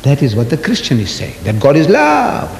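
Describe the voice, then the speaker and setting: An older man giving an animated religious lecture, telling stories and asking the audience rhetorical questions. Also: moderate pace, creaky. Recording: echoey hall with faint rumble.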